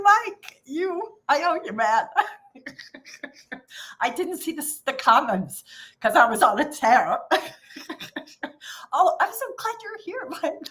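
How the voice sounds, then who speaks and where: A woman's voice: a little high, a bit bright. A woman trading coach talking to her viewers on a live stream. She laughs often, swears casually and tells a story. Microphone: streaming microphone.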